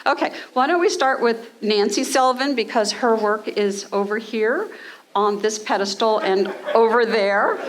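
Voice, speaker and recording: A woman's voice: a little high, normal speed, a faint crowd. Chatty woman moderator in a gallery. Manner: chatty, encouraging. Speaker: panel moderator introducing artists. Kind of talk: casual live introduction. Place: gallery, before an audience.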